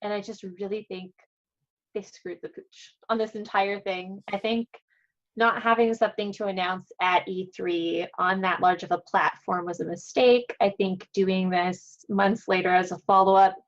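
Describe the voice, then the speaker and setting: A woman's voice: mid-range voice, steady tone, normal speed, lo-fi sound. A woman co-hosting a gaming podcast, talking in an emphatic, opinionated way. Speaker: podcast co-host. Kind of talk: casual chat.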